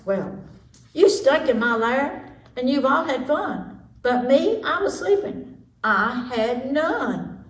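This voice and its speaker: A woman's voice: high voice, expressive, slow pace, reverberant, distant mic, a little hiss or hum, voice pushed up, poor audio. A woman voicing a grumpy, self-pitying big male bear in a children's storybook reading, whining and complaining. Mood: aggrieved. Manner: whiny, complaining.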